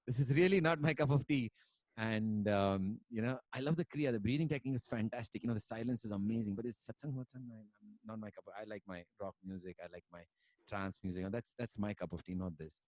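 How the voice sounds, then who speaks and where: A man's voice: lowish voice, steady tone, fast talker, a little mellow, no echo. A man from India, a musician talking casually on a video call, rambling with many fillers and dropping in Hindi words. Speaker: musician guest. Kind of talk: casual conversation and storytelling.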